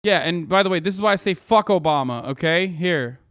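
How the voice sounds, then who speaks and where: A man in his thirties rants on a live stream with a profane, sarcastic edge. His voice sits high for a man and comes through close and dry, with no room at all. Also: expressive, fairly quick, a bit bright, dry recording. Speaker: streamer reacting to news. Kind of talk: ranting casual commentary.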